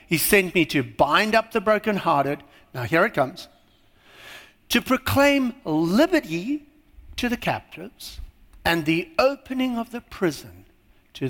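A man preaching in a church hall, his voice sitting high and swinging widely in pitch. He pushes hard on key words, then sinks to a near hush. A long reverb trails after each phrase. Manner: lively preaching with sudden drops to a hush. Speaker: pastor. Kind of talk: sermon.

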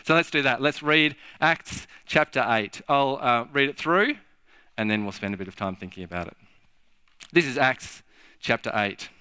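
A man preaching a sermon in a halting, repetitive way, acting out little scenes as he talks. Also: medium pitch, lively intonation, bright, forceful tone, clean tone, no room sound. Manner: halting, repeats words, acts out little scenes. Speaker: pastor. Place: church.

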